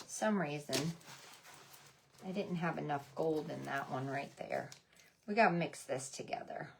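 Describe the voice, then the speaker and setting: A woman hosting a casual live craft demonstration, chatting excitedly and calling out viewers by name. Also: deep voice, unhurried, vocal fry, a little hiss or hum. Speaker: livestream host selling craft supplies and clothes.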